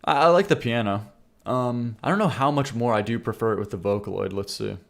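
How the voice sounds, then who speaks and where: A man's voice: medium pitch, a little fast, creaky, very noisy. A male streamer chats loosely while he reacts to submissions live. He rambles, restarts his sentences and stammers, and laughs often. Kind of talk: casual live-stream chat.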